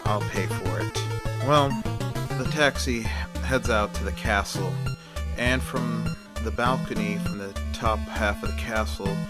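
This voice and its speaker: A man casually retelling a film story as a storyteller, chatty and plain, opening many sentences with "well". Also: lowish voice.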